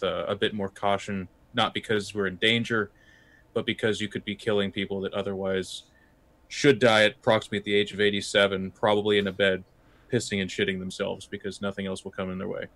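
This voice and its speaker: Man doing a clinical security officer. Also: on the low side. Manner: measured, clinical, deadpan.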